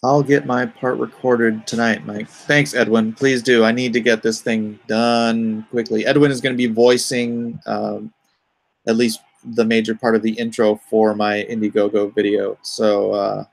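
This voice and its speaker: A man's voice: fairly low pitch, level tone, unhurried, creaky. A middle-aged man hosting a casual live stream as an artist, rambling and reading viewer comments aloud before answering them.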